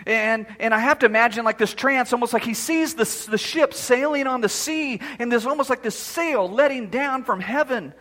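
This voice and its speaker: A man's voice: very high-pitched, moderate pace, few pauses, fairly bright tone, big-room sound. A man preaching a sermon as pastor, acting out the quoted voices as he speaks.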